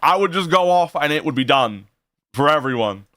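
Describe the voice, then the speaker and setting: A man's voice: on the high side, lively intonation, moderate pace, sharp tone, dry recording, studio quality. A man streaming, reacting to a clip in casual chat, laughing often and swearing freely. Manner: laughing often, profane, rambling.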